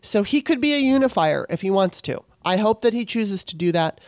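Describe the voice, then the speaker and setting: A woman's voice: mid-range voice, expressive, brisk, no echo, clean studio sound. A woman hosting a podcast, talking on her own in a casual way, passionate and worked up, with swearing. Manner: impassioned, worked up, swears freely. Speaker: podcast host. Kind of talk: casual solo talk.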